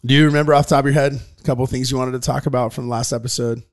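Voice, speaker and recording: A man's voice: mid-range voice, racing. Chatty male podcast host. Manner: relaxed, chatty, laughs often, some restarts. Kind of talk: casual chat.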